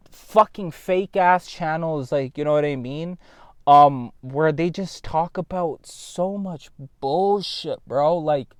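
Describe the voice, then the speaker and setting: A man's voice: fairly high pitch, no room sound. A man in a casual vlog monologue, talking bluntly and rambling, swearing often and addressing viewers directly. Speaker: vlogger.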